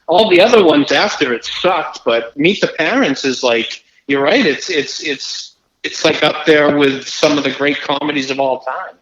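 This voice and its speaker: A man's voice: on the high side, moderate pace, few pauses, fairly bright tone, roomy sound, lo-fi sound. A man co-hosting a comedy podcast, joking and enthusiastic with the guest. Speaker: podcast co-host. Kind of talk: casual comedy chat.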